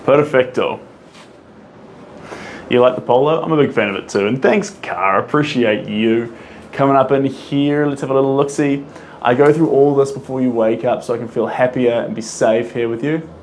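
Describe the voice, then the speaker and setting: A painter on a live stream chats with his audience, reading their comments aloud and replying between bits of humming and singing to himself. He speaks non-American English with a rolled R in a mid-range, darkish voice at normal speed, and there's a little hiss or hum in the recording.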